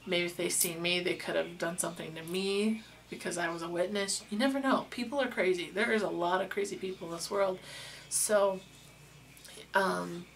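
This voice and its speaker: A woman's voice: on the low side, fairly even intonation, normal speed, gravelly, slight background noise. A young woman, a beauty vlogger, telling a true story in a casual, chatty way with lots of fillers and restarts.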